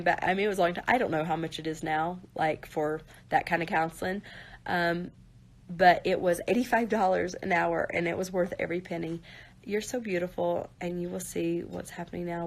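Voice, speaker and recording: Speaking to her live stream viewers earnestly and directly, a woman with a fairly low-pitched voice and vocal fry often says "you guys" and "like." At times she sounds close to tears.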